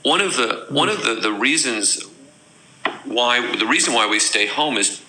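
A man co-hosting a casual talk show, talking in a thoughtful, halting way as he searches for words. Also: medium pitch, animated, background noise. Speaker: podcast co-host. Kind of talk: casual chat.

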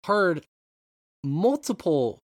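A man hosting a casual gaming podcast, animated and rambling, with free swearing. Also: high-pitched, extremely slow, no room sound, studio quality. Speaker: podcast host. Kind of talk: casual chat.

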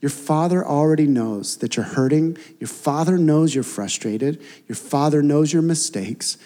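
A man preaching a sermon as a pastor, earnest and conversational, sometimes dropping to a soft, intimate tone. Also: fairly high pitch, unhurried, in a large hall.

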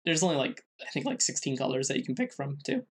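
A man of middle pitch co-hosting a casual podcast. He presents his researched segment in a halting way, leaning on fillers and restarting sentences. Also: very animated, slightly rough. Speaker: podcast co-host.

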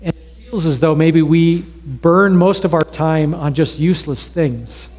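A man preaching a sermon in a church, telling an illustration story in a conversational way with pauses. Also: on the high side, darkish tone. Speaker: pastor. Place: church sanctuary. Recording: long reverb of a hall.

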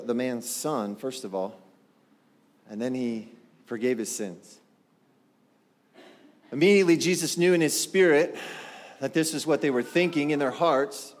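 A male pastor preaching a sermon in an animated way, asking the congregation rhetorical questions. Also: medium pitch. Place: church sanctuary. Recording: long hall reverb.

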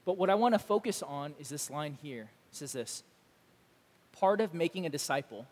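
A man pastor preaching a sermon, animated and emphatic, acting out imagined dialogue. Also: a little high, moderate pace, in a large hall.

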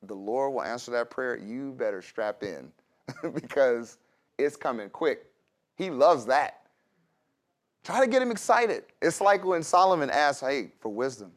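A man's voice: medium pitch, lively intonation, unhurried. Conversational man preaching a sermon. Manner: conversational preaching with laughs and asides. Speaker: pastor.

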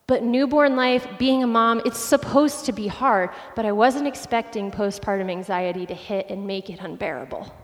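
Animated woman pastor in echoing hall. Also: medium pitch, normal speed, hardly any pauses. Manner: animated, self-deprecating storytelling with laughs. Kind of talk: sermon with personal storytelling.

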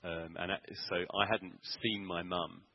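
A man preaching in church, telling a personal story earnestly with frequent pauses, ums and restarts. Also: deep voice, little pitch movement, creaky, dull audio. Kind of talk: sermon testimony.

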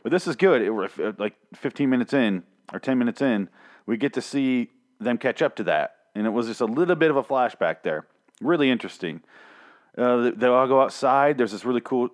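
A man rambling through a casual solo recap of a TV episode, profane, joking and self-mocking. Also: fairly low pitch.

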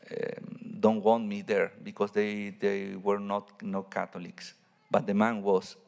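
Priest giving a homily, halting non-native English, lowish man's voice, long church reverb. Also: a little mellow. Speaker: Catholic priest.

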